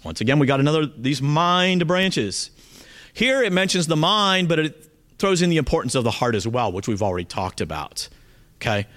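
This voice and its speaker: A man's voice: a little high, very animated, normal speed, a bit bright. A man teaching a Bible study in a conversational, earnest way, often checking in with his listeners.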